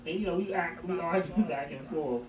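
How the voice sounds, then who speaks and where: High-pitched guy on a talk radio show, telling cussing stories and cracking up, sounds far off in an echoey room with a crowd behind. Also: brisk. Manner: animated, profane storytelling with laughter. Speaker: radio show co-host and engineer. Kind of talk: casual storytelling chat.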